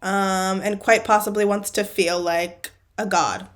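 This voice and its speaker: A woman's voice: mid-range voice, fairly even intonation, unhurried. Chatty woman reacting to a movie. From not British. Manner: chatty, laughs often, many fillers. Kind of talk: casual movie reaction commentary.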